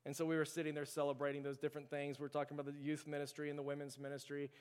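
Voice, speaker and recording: A man preaches to his congregation, his smooth, resonant voice rising slightly high for a man. He drives his points home with repeated rhetorical questions, and a long reverb hangs behind him in the church hall. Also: monotone, rapid-fire. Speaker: pastor. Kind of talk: sermon. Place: church sanctuary.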